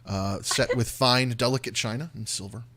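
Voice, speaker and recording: A man's voice: mid-range voice, steady tone, moderate pace, pushed and bright, a little hiss or hum. Man narrating as dungeon master. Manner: vivid descriptive narration with frequent fillers. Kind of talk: narrating a tabletop game.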